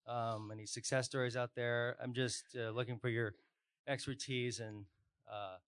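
A man's voice: medium pitch, steady tone, moderate pace, fairly bright tone, clear, resonant tone. A man in the audience asking the panel a question, hesitant and full of fillers.

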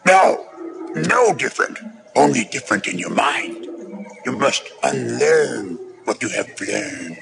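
A man voicing a tiny ancient alien master, wise and stern, with a croaky gravelly voice and back-to-front word order, in a film clip with orchestral score behind. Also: mid-range voice, very animated, noisy background, exaggerated voice. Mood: scolding. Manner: slow, deliberate teaching.

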